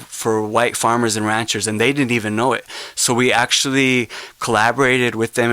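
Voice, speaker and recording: A young man delivers a keynote as a personal story, earnest and halting, often restarting his sentences. His voice is smooth and resonant, with little rise and fall in pitch. The sound is dry and close, with no room around it. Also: a bit bright, no echo. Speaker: keynote speaker.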